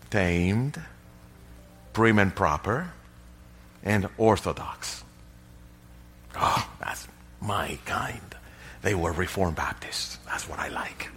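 Slow, bright-voiced emphatic male preacher. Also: medium pitch. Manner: emphatic, rising to loud peaks. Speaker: pastor. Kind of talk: sermon.

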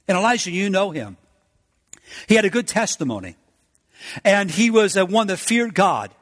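High-voiced middle-aged preacher man, fervent, goes from loud to real quiet, long echo in a church. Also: big pitch swings, normal speed. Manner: fervent preaching with big swings from loud to hushed. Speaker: pastor. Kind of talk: sermon. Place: church sanctuary.

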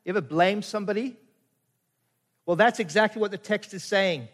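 Middle-aged male pastor, high voice, conversational sermon full of rhetorical questions, long church-hall reverb. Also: normal speed. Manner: conversational, asks the congregation many rhetorical questions.

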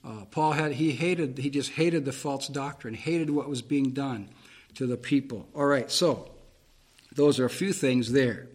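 A man's voice: mid-range voice, a little slow, husky. A man preaching a Bible-teaching sermon, reading verses aloud and explaining them plainly, with fillers and restarts.

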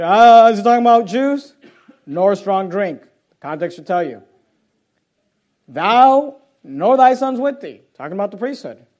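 A man's voice: high voice, a little mellow. A man preaching a sermon to a church congregation, reading scripture aloud with mounting force. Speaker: pastor. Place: church auditorium.

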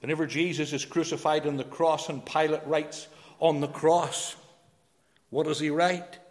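A man preaching a sermon, emphatic, swinging between loud declarations and hushed phrases. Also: fairly high pitch, level tone, normal speed. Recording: long hall reverb.

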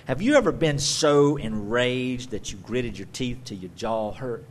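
A man preaching a sermon as pastor, swinging from loud emphatic bursts to quiet conversational asides. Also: medium pitch, lively intonation, a little slow, a little hiss or hum.

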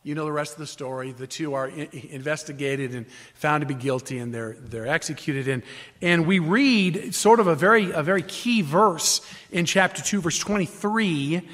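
A man with a notably high-pitched voice delivers a teaching sermon to his congregation. He explains Scripture point by point, leaning hard on key phrases and often restarting his sentences as he works through an idea. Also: moderate pace, a bit bright. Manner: emphatic, explanatory, with frequent restarts and fillers. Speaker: pastor.

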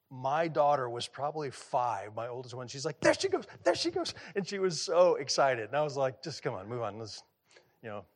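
A middle-aged pastor with a mid-range, slightly bright voice preaches a sermon in a conversational style. He keeps asking his listeners questions and often repeats words as he restarts his sentences.

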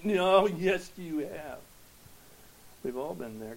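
A man preaching a sermon to his congregation, earnest and emphatic, dropping to hushed tones and swelling to loud declarations, posing rhetorical questions. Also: high voice, sing-song, a little slow, gravelly, low-quality recording. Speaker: pastor.

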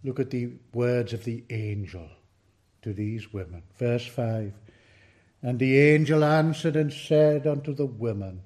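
A man preaching a sermon, slow and emphatic, his voice rising in force on key words and falling away at the ends of sentences. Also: medium pitch, warm tone. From United Kingdom.

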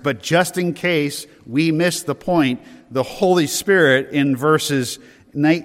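A man preaching a sermon in an earnest way, slowing down to stress key words. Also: a little high, fairly bright tone. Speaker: pastor. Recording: hall reverb.

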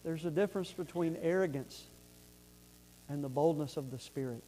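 A man's voice: fairly high pitch, moderate pace, warm tone, a little hiss or hum. A man preaching a fervent sermon, repeating words and asking the congregation if they follow.

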